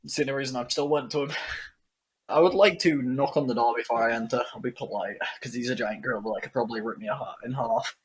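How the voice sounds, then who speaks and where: Husky-voiced male player. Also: medium pitch, quick pace. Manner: joking, swears casually. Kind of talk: casual tabletop role-play.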